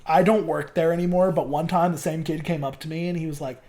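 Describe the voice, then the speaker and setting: A young man chatting casually as a guest on a podcast. He rambles and fills his speech with "like" and swearing, in a voice a little higher than most men's. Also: fairly even intonation, fast talker, warm tone. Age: young adult. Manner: rambling, loaded with fillers like "like" and swearing. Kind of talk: casual chat.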